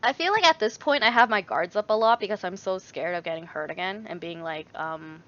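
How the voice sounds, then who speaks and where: A young woman talks through a relaxed livestream chat, circling her thoughts with fillers and stopping to read viewer messages. Her voice is bright and forward. The audio sounds a little dull and lo-fi. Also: mid-range voice, fairly quick. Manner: rambling, many fillers, reads viewer messages aloud. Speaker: YouTuber answering chat.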